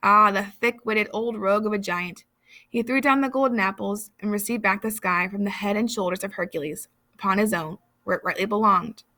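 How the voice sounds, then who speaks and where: A woman reading literary passages aloud in a measured, expressive way. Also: medium pitch. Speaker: reader.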